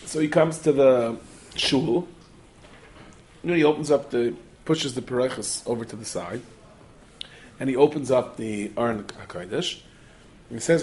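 A man telling a Torah story in the manner of a sermon, animated and studded with Yiddish and Hebrew terms, acting out the characters. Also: medium pitch, normal speed, pauses often, slight background noise.

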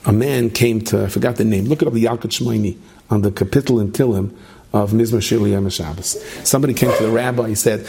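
A middle-aged man gives a late-night Torah lecture, his voice low and dark. He rambles through stories, restarts sentences often and throws questions to his students. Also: steady tone, fast, creaky, slightly rough. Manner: rambling storyteller, many restarts, asks the room questions. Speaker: rabbi teaching a class.

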